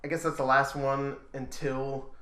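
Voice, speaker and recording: A man's voice: mid-range voice, level tone, unhurried, fairly bright tone. A young man hosting a podcast in casual chat, joking, swearing and laughing often. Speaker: podcast host. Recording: echoey room.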